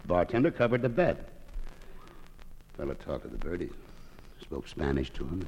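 A man telling a joke as a guest storyteller, lively and animated, on an old radio broadcast. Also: deep voice, moderate pace, long pauses, a little hiss or hum, poor audio.

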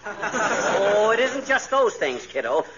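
An actor playing an excitable, nosy middle-aged husband who sees spies everywhere, blustering and jumping to wild conclusions in 1940s radio comedy style. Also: male voice, high-pitched, takes it slowly, full character voice. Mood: conspiratorial. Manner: bluster, jumps to wild conclusions, chuckles at his own lines. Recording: dull old radio broadcast, faint hiss.

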